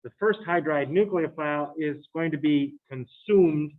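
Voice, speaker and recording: Slightly high-pitched and a little slow, a man gives a chemistry lecture to students in a conversational tone with jokes mixed in. The recording has a tinny, phone-like quality.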